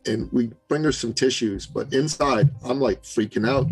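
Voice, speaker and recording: A man's voice: mid-range voice, moderate pace, husky, soft background music, rough recording. A man guest on an interview podcast, telling a personal story in an earnest, conversational way with small asides. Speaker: podcast guest, business coach.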